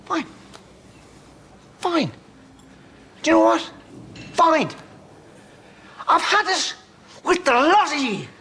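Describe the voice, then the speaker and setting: A man's voice: high voice, animated, normal speed, a bit bright, a little hiss or hum. An actor playing a mild-mannered, middle-aged sitcom father who gets flustered, hesitant and defensive. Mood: exasperated. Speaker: sitcom character, family father. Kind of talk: sitcom acting.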